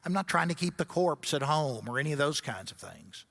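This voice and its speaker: Wry, bright-voiced male lecturer. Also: on the high side, sing-song, a little fast, vocal fry. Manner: storytelling with wry asides. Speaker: guest speaker at a grief seminar. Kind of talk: seminar lecture.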